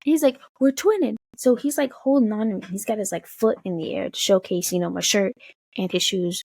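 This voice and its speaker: A young woman from the Tacoma area telling an animated storytime, swearing and acting out quotes. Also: mid-range voice, brisk, creaky, breathy edge, dry recording. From Tacoma area, USA. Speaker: vlogger. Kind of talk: casual storytime.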